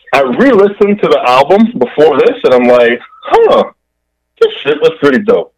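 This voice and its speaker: Man, podcast co-host, candid, animated, casual chat. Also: low-quality recording. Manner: candid, animated, laughs and jumps up in pitch for quoted reactions.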